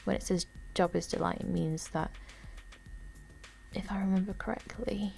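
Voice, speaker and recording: A tired woman giving casual, rambling commentary while walking through a game, often unsure and filling pauses. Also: mid-range voice, fairly even intonation, vocal fry, darkish tone, faint music behind. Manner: rambling, unsure, lots of fillers. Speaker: gamer.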